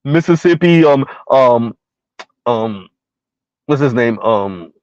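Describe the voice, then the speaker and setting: A man's voice: mid-range voice, lively intonation, takes it slowly, long pauses, darkish tone, no echo. A middle-aged man, ranting in a casual comedic way and laughing often, with a sing-song lift on his repeated punchline. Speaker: commentary vlogger. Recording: dry, dull lo-fi recording.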